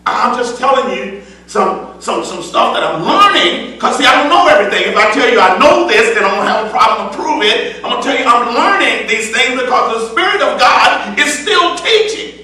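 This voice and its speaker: A man with a high, bright voice delivers an emphatic sermon in a church. He hammers his points home with repeated phrases and drops from loud declaiming to quiet asides. He is picked up from a distance in a very echoey sanctuary. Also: lively intonation, normal speed. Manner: swings between loud declaiming and soft asides. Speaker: preacher.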